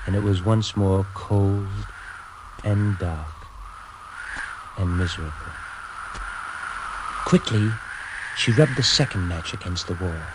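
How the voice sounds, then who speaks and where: Slow, low-voiced man reading a fairy tale. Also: background noise. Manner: gentle, dramatic reading with hushed pauses. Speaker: storyteller. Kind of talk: scripted narration of a fairy tale. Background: music.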